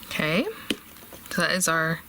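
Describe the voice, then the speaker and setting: A woman's voice: low voice, flat delivery, unhurried, noisy background. A woman hosting a casual crafting tutorial, chatting and thinking aloud as she works, with fillers and small laughs.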